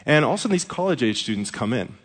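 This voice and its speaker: Storytelling pastor in echoing hall. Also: male voice, medium pitch, sing-song, rapid-fire, breathy edge. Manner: humorous storytelling. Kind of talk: sermon. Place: church sanctuary. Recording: echoey hall reverb.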